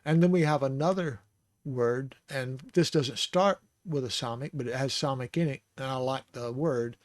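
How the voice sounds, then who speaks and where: A man teaching the Hebrew alphabet in a casual, rambling way, sounding out syllables slowly and chuckling now and then. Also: medium pitch, no room sound, studio quality. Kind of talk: casual lesson.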